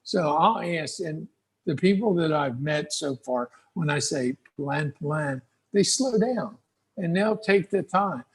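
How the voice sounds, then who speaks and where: A middle-aged American man giving folksy, relaxed advice to English learners over a video call. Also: fairly high pitch, a little slow, breathy edge. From United States. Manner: relaxed, folksy, acts out little dialogues. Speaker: guest speaker.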